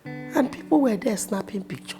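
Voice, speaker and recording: A Nigerian actress telling personal stories in a casual, expressive way, with sudden loud bursts. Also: female voice, on the high side, moderate pace. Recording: music playing behind the voice.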